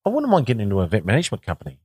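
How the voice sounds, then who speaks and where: An Australian man in his fifties spins animated stories as a guest. He often doubles back on his words as he goes. His voice sits dry and close to the mic. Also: on the low side, racing, slightly rough, dry recording. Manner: animated, repeats words and restarts. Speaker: guest, former cricketer. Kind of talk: casual storytelling.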